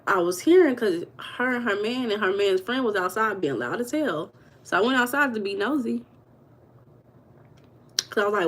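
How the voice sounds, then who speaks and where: A woman's voice: medium pitch, lively intonation, moderate pace, long pauses. A woman hosting a casual livestream, chatting and gossiping with her viewers and reading their comments aloud. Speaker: livestream host.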